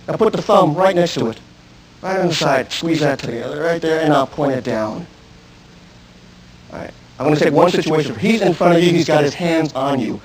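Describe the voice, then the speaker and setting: Self-defense instructor, male, high-pitched, intense, talks straight at a live seminar crowd. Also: low-quality recording. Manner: intense, direct, questions the audience. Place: room with an audience. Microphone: archive video recording.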